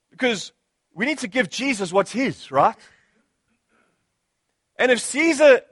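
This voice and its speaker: South African male preacher, high voice, dry close sound, punchy repeated phrases. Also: fairly bright tone, no room sound. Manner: rhetorical, repeating phrases and asking "Hello?". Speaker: pastor. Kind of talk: sermon.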